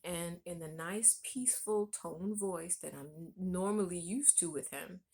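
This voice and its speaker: A woman vlogger telling a personal story in a relaxed, conversational way. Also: lowish voice, unhurried, gravelly, husky. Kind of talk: storytelling vlog.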